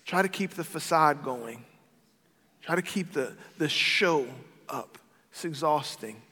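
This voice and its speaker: A man, a pastor, preaching an emphatic sermon that swings between loud and quiet. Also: on the high side, expressive, slow pace, slightly rough. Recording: long hall reverb with soft background music.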